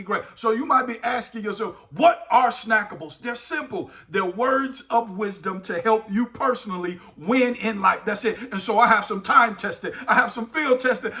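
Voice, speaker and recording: A man giving an energetic motivational talk as host, full of punchy exclamations and call-outs. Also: sits high. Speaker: motivational speaker.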